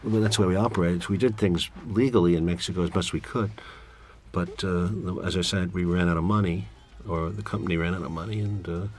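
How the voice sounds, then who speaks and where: Low-voiced man rambling through a commentary. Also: fairly even intonation, a little fast, a little mellow. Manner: rambling, candid, wry. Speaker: film director giving commentary. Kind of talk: director's commentary, reflective storytelling.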